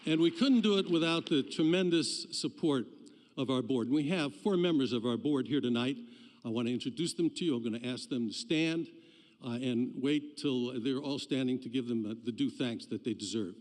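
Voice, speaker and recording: A man's voice: mid-range voice, normal speed, a little mellow. A man giving a live address to a hall audience before a debate, speaking loosely with many fillers and restarts. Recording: long hall reverb.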